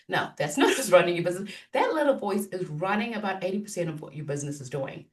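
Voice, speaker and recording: A woman business coach talking in a podcast interview, animated and acting out inner self-talk. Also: lowish voice, quick pace, few pauses, recorded from a distance.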